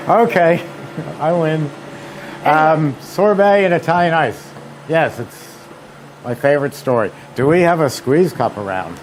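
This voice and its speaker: A man's voice: a little high, a little slow, a little hiss or hum. A man presenting at a seminar, telling anecdotes in a chatty, filler-laden way. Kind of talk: demonstration talk.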